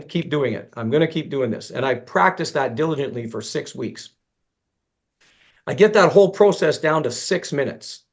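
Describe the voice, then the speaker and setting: A man with a medium-pitched, gravelly voice gives a conversational presentation to fellow golf instructors. He tells a long, self-deprecating story, acting out both sides of the dialogue and frequently restarting sentences.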